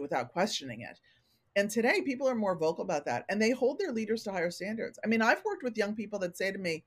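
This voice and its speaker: A woman's voice: mid-range voice, quick pace. A middle-aged woman consultant speaking candidly as a guest in a casual interview, acting out what people say to her. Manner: candid, animated, acts out quoted remarks. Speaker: organizational consultant, podcast guest.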